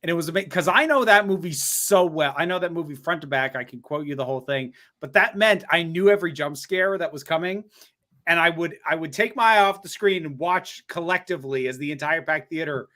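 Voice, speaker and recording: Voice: medium pitch, a little fast, bright, forceful tone. Dry, witty podcast guest. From United States. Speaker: guest content creator. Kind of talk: casual chat.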